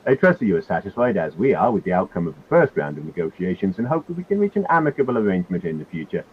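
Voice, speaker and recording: A man's voice: sits low, big pitch swings, racing, a little hiss or hum. A man playing Hamus, a male tavern proprietor, in a put-on accent, reading a formal letter in a tabletop game over a tinny call line. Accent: put-on character accent. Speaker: player. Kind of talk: in-character tabletop role-play. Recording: tinny phone-like online call.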